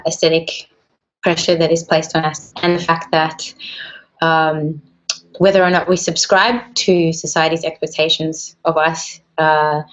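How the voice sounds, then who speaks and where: A woman's voice: low-pitched, dull audio. A woman musician, speaking thoughtfully in a casual interview. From Australia. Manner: soft-spoken, thoughtful, with frequent fillers. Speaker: musician guest.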